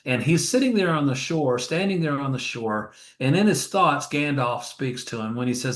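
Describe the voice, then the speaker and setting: A man's voice: mid-range voice, expressive, normal speed, fairly bright tone. A man, a grief counselor being interviewed, telling stories in an earnest, emotional way. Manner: earnest, emotional, retells scenes with acted quotes. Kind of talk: storytelling interview talk. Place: funeral home.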